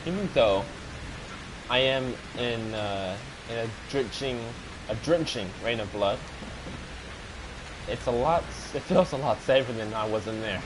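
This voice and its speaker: A man's voice: medium pitch, lively intonation, a little slow, pauses often, background noise. A young man commenting on a horror game, panicky, swearing and repeating himself. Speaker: gaming video host.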